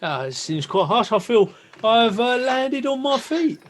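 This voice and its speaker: A man's voice: very high voice, sing-song, measured pace, slight background noise. A man playing a tabletop game in character, jolly and a bit pompous, often stammering. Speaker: player.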